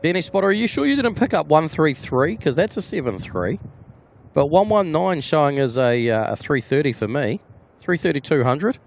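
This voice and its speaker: A man's voice: a little high, big pitch swings, moderate pace, vocal fry, a little hiss or hum. A man with a New Zealand accent hosting a casual plane-spotting live stream, chatting and answering viewers by name.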